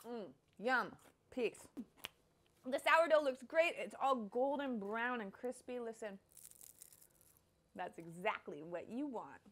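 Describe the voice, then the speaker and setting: A woman's voice: on the high side, expressive, slow, pauses often, a bit bright. A young woman hosting a casual cooking demonstration, bubbly and playful as she chops and explains. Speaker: cooking show host.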